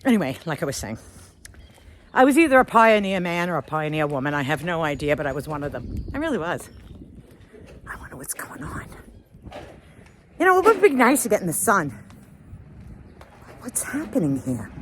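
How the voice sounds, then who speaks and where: A middle-aged woman vlogger telling a story on a walk outdoors, animated and self-mocking, laughing often. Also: on the low side, quick pace, slight background noise.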